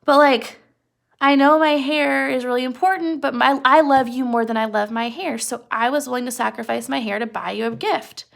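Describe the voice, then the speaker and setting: A woman voicing a nervous, eager young wife who talks fast and pleads breathlessly. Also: high-pitched, vocal fry. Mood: earnest.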